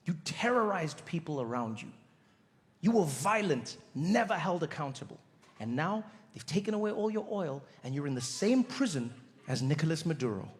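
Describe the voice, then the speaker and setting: A male comedian with a South African accent, telling a story on stage in an animated, self-mocking way, acting out his own nervous thoughts. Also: fairly high pitch, moderate pace. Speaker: stand-up comedian. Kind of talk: stand-up storytelling. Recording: live show with audience noise.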